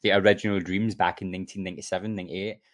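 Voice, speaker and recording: A man's voice: low voice, little pitch movement, rapid-fire. Man chatting on a podcast. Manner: chatty, hesitant with many fillers. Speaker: podcast co-host. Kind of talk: casual chat and reading news aloud.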